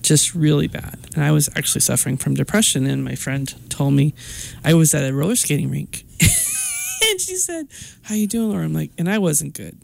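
A woman's voice: deep voice, big pitch swings, a little fast, creaky. A middle-aged woman telling a personal story with emotion, often tearful and laughing, acting out what others said. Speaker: guest sharing her experience.

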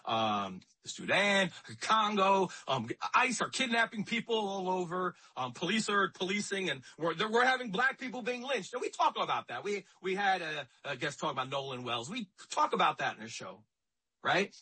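A man's voice: sits high, big pitch swings, normal speed, sharp tone, breathy edge, poor audio. A man hosting a talk radio show, speaking in a conversational, emphatic way and often repeating himself.

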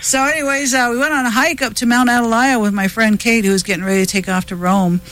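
A middle-aged man speaks as a guest in a radio studio, his voice sitting high for a man. He tells a long story in a lively, chatty way, laughing often and restarting his sentences. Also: fast, very noisy. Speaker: guest musician. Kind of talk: casual radio interview storytelling.

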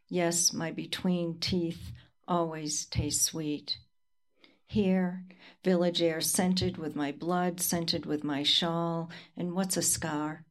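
A woman reads her own poetry aloud in a measured, deliberate way. She takes her time, letting each line settle, at a very unhurried pace. Her voice sits a little low. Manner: slow, measured recitation. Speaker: poet. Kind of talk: poetry reading.

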